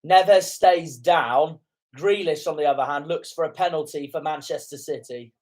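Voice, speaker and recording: A young man calls a football match live in a fan reaction commentary, his voice sitting a touch higher than most men's. He grows indignant and swears at calls he thinks are wrong. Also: moderate pace, a little mellow.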